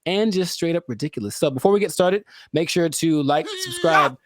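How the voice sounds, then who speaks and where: A man's voice: on the high side, fairly quick, dry recording, studio quality. A man hosting a podcast, chatting casually and riffing playfully. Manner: playful, riffing, self-correcting. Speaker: podcast host.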